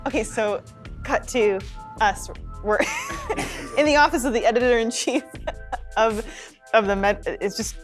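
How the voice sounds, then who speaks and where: A woman playing a tabletop role-playing game, animated and excitable, often giggling. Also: a little high, a little slow, pauses often, soft background music. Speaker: player. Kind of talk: comedy tabletop role-play.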